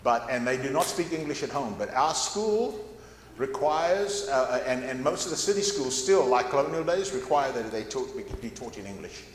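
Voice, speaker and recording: A man's voice: medium pitch, expressive, normal speed, echoey room, long reverb tail, slight background noise. An older man giving a folksy, rambling Bible class talk, often repeating words as he goes. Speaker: guest speaker at a Bible class. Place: church classroom.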